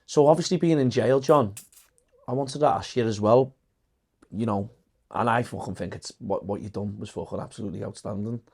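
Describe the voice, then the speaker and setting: A man hosting a podcast interview in casual, sweary talk, often chiming in with quick agreement. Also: fairly low pitch, vocal fry, a little mellow, husky. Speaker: podcast host.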